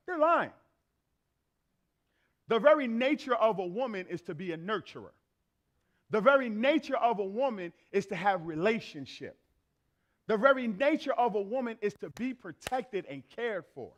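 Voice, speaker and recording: Speaking to his congregation in a high, animated voice at a moderate pace, this preacher stays conversational yet emphatic. He repeats his phrases for effect and acts out ordinary exchanges.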